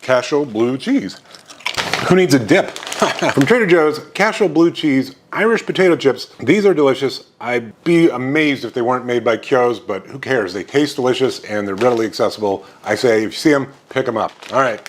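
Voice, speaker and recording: A man's voice: medium pitch, expressive, moderate pace. A man hosting a snack review show, tasting and describing chips in an upbeat, enthusiastic way with frequent fillers. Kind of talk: casual food review.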